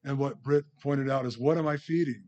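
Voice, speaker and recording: A man's voice: medium pitch, fairly quick, dark tone, highs cut off. A man preaching a sermon in a conversational, storytelling way, closing with a prayer. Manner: conversational, storytelling, restarts phrases. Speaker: pastor.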